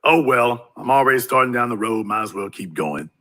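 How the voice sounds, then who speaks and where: A man's voice: medium pitch, animated, fairly quick, pushed and bright. A man giving a ranting commentary monologue in a preachy way, firing rhetorical questions at his viewers. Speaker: YouTube commentator.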